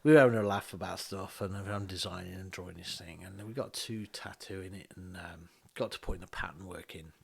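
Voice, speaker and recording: Man, fairly low voice, tattoo artist, lively chatty storyteller who acts out the dialogue. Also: a little fast, creaky, few pauses, husky. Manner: animated, acts out quoted dialogue, frequent restarts. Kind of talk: casual storytelling chat. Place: podcast recorded on a bus.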